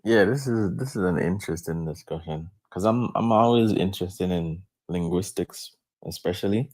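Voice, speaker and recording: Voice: sits low, moderate pace, darkish tone. A speaker casually explaining ideas on how language changes, in a thoughtful way. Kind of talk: casual chat.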